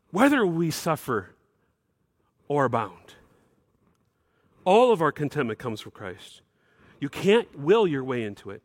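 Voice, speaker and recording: A middle-aged man delivers a sermon as pastor in a somewhat high voice. He preaches emphatically, often climbing higher on key phrases. The sound is dry and close, with no room echo. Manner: emphatic preaching, rising to bursts of higher pitch.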